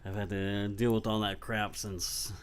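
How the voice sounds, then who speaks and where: A man's voice: fairly low pitch, flat delivery, unhurried, slight background noise. A man speaking as a guest on a casual podcast, laid-back and calling everyone "man". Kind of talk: casual chat.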